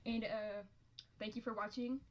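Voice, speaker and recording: A woman's voice: on the high side, flat delivery, moderate pace. A young woman talking to her viewers in a vlog, upbeat and offhand with loose fillers. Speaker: YouTuber.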